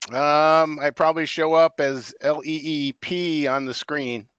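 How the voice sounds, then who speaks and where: Man, clear smooth voice, dry close sound, steady meeting-call update full of fillers. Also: a little high, no room sound, lo-fi sound. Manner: measured, with frequent fillers and restarts. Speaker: staff member giving an update. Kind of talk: meeting report by audio call. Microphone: audio-only call, no camera.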